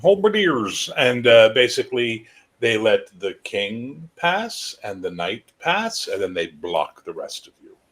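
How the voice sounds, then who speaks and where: A man's voice: lowish voice, big pitch swings, measured pace, a bit bright. A man narrating as game master in a tabletop game, rambling casually with many fillers.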